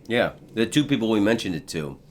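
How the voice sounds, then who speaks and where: Man, very low voice, middle-aged, podcast host, casual storyteller. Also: very animated, fairly quick. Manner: storytelling, putting on voices for quoted people. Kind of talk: casual chat.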